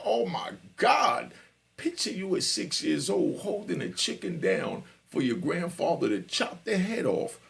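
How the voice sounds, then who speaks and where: Gravelly older man from Jamaica telling stories. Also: fairly high pitch. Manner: gravelly, conversational, keeps checking in with the listener. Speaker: channel host telling prison and life stories. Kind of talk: casual storytelling on a live stream.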